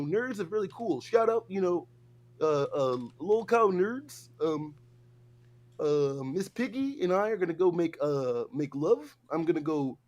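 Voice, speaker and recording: A man voicing a goofy male frog puppet on a livestream, rambling in halting, filler-heavy phrases. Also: high voice, darkish tone. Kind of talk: livestream impression.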